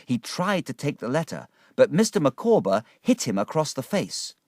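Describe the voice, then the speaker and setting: A man narrating a simplified story for learners of English in a measured, clear reading. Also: medium pitch, sing-song, darkish tone, no echo, studio quality.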